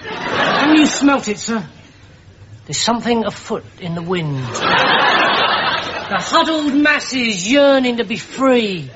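A dim earnest private. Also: male voice, very high voice, big pitch swings, slow pace, pauses often, muffled recording, a loud crowd, very noisy, full character voice. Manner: dim earnest sir-peppered talk. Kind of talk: sitcom acting before an audience.

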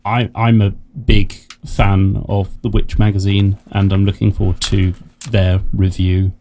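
A Scottish man co-hosting a casual news chat with dry, deadpan quips. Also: lowish voice, a little slow, a little hiss or hum. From Scotland. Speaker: radio show co-host.

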